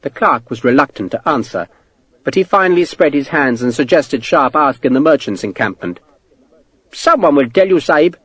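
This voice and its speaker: Lively male audiobook narrator. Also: mid-range voice, moderate pace, breathy edge, no room sound. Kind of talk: scripted narration.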